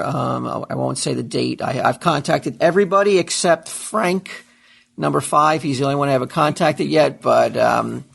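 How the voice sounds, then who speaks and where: Gravelly man rambling casually. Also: mid-range voice. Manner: rambling with many fillers. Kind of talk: casual chat.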